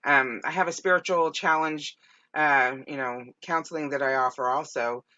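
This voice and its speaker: A woman's voice: deep voice, normal speed, highs cut off. A woman hosting as a psychic medium, giving spiritual guidance with many fillers. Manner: warm, speaks with lots of fillers.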